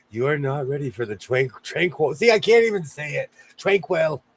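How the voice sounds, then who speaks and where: A man's voice: on the high side, lively intonation, moderate pace, vocal fry, breathy edge, rough recording. A man hosting a sewing show, chatting casually in a playful, teasing way and laughing often. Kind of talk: casual chat.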